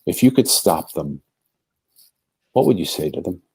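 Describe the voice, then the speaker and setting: A man with a low, dark, husky voice tells a story as a podcast guest. He speaks earnestly and acts out the voices of the people he quotes. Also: animated, unhurried. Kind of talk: storytelling in a conversation.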